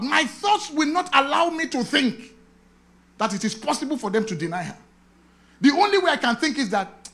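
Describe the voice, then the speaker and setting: A man, a pastor preaching, telling a personal testimony with acted-out dialogue. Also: very high voice. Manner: animated storytelling, acting out dialogue, chanting affirmations. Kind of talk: sermon testimony.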